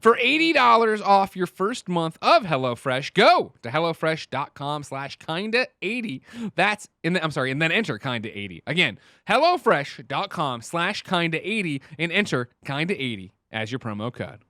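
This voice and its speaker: Lively man reading a podcast ad. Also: a little high, moderate pace, dry recording, clean studio sound. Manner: playful, animated ad-read with slips. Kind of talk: casual podcast banter.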